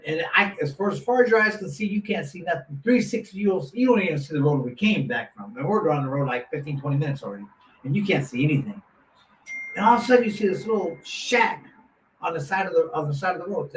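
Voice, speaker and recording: Animated man telling a story in a roomy room. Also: fairly high pitch. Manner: animated, acts out quotes with lots of restarts. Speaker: guest storyteller. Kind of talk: casual storytelling. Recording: roomy echo, mic at a distance, faint noise.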